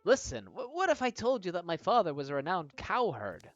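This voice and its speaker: A man's voice: high-pitched, fairly quick, no room sound, pitched above the performer's own voice. A man voicing an eager young man who boasts about his heroic family and begs to join the party. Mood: eager boastful. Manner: excited, boastful, rambling. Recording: dull lo-fi audio with faint game music.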